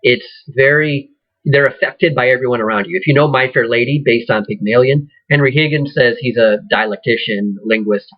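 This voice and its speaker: A man teaches acting in a loose, rambling way, full of fillers and restarts. His voice is husky, at an ordinary pitch for a man. The recording is somewhat dull and lo-fi. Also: fairly even intonation, normal speed. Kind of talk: casual lecture.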